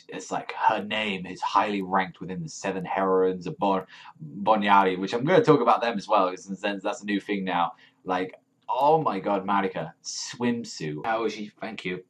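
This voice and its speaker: A man reviewing a manga chapter in a rambling, excitable rant full of swearing and fillers. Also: deep voice, normal speed.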